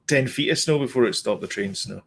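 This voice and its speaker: Podcast co-host, male, mid-pitched, rambly and chatty. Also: brisk, creaky, a bit bright. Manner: chatty, rambling, self-correcting explanations. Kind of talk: casual chat.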